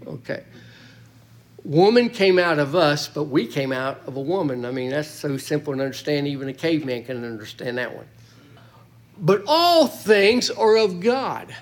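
Folksy high-voiced preacher. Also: male voice. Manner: folksy, animated, joking asides. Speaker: pastor. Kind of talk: Bible study teaching. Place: church.

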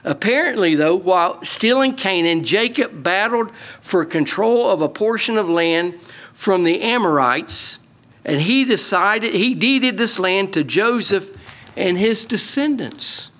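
A man teaching a Bible-study sermon in an animated, emphatic way, often asking his listeners questions. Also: sits high, measured pace.

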